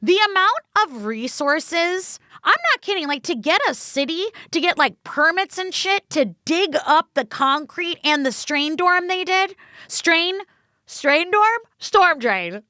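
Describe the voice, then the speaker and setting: A woman's voice: extremely high pitch, expressive, unhurried, pushed and bright, dry recording, studio quality. A woman co-hosting a casual true-crime podcast, talking emphatically with swearing and acting out what police and suspects said. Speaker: podcast co-host.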